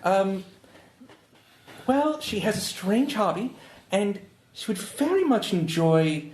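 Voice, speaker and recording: A man playing a flustered servant, hesitant and stammering, his pitch moving a lot. The room around him sounds echoey. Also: big pitch swings, takes it slowly, darkish tone. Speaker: player.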